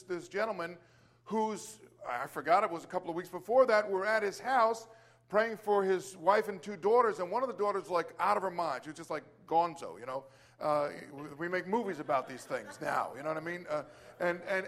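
A male preacher telling a testimony as a sermon, animated, with repeated starts and exclamations of praise. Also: high voice.

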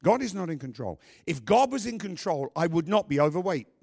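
Male pastor, sermon, animated pitch, emphatic with joking asides. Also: fairly quick, gravelly, slightly rough.

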